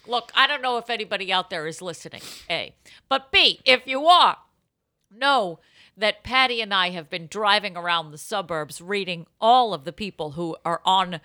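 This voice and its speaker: A young woman hosting a comedy podcast, chatting loudly and breaking into giggles. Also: mid-range voice, animated, normal speed. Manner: giggly, loud, bursting into laughter. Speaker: podcast host. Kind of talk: casual comedy podcast chat.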